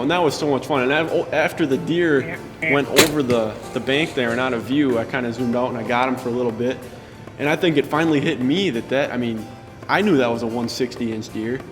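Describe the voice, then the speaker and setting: A man's voice: mid-range voice, long reverb tail. A man who filmed a hunt, telling the story casually in an interview, with plenty of fillers. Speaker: cameraman and hunting partner.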